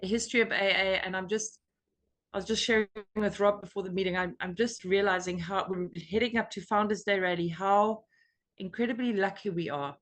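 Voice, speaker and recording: An American woman leading a recovery meeting on a video call, talking in an earnest, emotional and animated way. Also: medium pitch, a little fast. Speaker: meeting leader.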